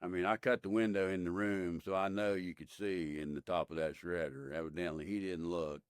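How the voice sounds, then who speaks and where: A man's voice: low-pitched, fairly even intonation, a little fast, dry recording, studio quality. A man in his fifties, a podcast guest, telling his story in a plain-spoken, rambling way with many fillers. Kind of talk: casual interview storytelling.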